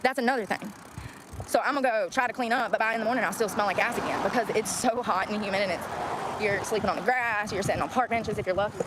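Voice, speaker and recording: A woman's voice: mid-range voice, fast. Ranting woman outdoors by traffic. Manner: ranting, blunt and profane. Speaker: vlogger. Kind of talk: venting to the camera. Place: outdoors by a road. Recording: clear outdoor traffic noise.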